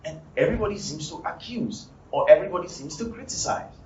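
A man preaching a sermon as pastor, repeating his points and building up to shouted emphasis. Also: fairly high pitch, animated, quick pace, slight background noise. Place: church hall. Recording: roomy, distant, dull live church sound. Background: music and congregation.

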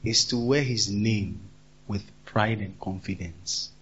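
A man preaching a sermon, emphatic and repetitive, swinging between loud and soft. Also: lowish voice, slow, lo-fi sound, slight background noise.

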